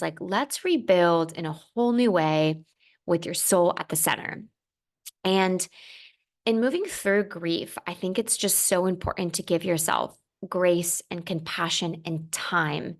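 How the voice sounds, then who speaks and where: Young female podcast host, low and gravelly, earnest and rambling solo talk. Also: measured pace. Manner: earnest, heartfelt, rambling with fillers and restarts. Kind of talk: reflective solo podcast monologue.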